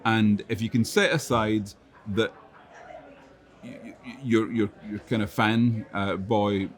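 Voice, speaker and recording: A middle-aged Scottish man speaks in a fairly low voice, halting and repeating himself as he gathers his thoughts. His humor is dry and understated. He is interviewed on a busy conference floor. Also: steady tone. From Scotland. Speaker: interview guest, chief growth officer. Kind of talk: casual convention interview.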